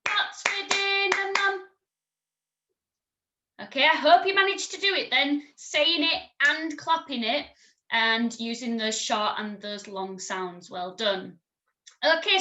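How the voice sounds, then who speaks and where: A woman teaching a recorded music lesson to children, encouraging and clear, singing and chanting examples. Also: high voice, bright, forceful tone.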